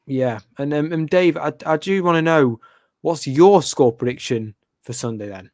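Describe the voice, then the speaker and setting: A man's voice: a little high, normal speed, a little mellow, no echo, clean studio sound. A man hosting a casual football podcast, chatty and joking as he teases his co-hosts. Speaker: host.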